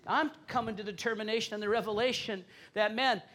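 A man's voice: sits high, fairly even intonation, quick pace, a bit bright. A middle-aged man preaching as a pastor in a church, moving from conversational teaching into earnest, fervent prayer. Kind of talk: sermon and congregational prayer. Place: church sanctuary.

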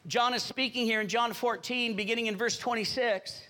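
A male pastor preaching in a church, his voice sitting high and sounding bright and forceful. He drives his points home with emphasis and keeps calling out to the congregation for a response. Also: fairly even intonation, brisk. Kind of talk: sermon.

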